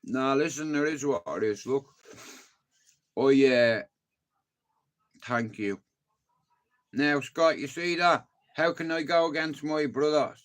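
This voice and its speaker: A man's voice: mid-range voice, slow, long pauses. A man with a Dublin Irish accent chatting casually to his livestream viewers, rambling and swearing freely. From Dublin, Ireland.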